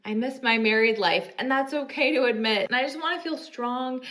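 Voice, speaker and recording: Sad woman speaking haltingly. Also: high voice, fairly bright tone. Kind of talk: emotional vlog to camera.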